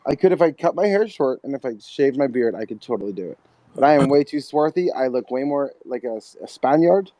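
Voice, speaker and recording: A man's voice: mid-range voice, animated, fairly quick, warm tone, no echo, low-quality recording. A man hosting a casual podcast chat, rambling with lots of fillers. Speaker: podcast host.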